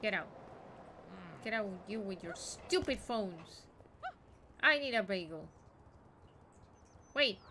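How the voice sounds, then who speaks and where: A woman streaming a video game, chatting excitedly, swearing and talking to the characters on screen. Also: mid-range voice, takes it slowly, long pauses, a little hiss or hum. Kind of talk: casual game commentary.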